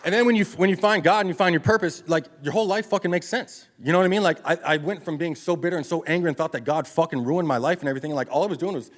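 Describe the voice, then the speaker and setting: A man's voice: fairly high pitch, racing, few pauses, a faint crowd. A man in his thirties giving a live motivational speech to an audience, telling his life story in a blunt, profane, confessional way. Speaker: motivational speaker. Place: event stage before an audience.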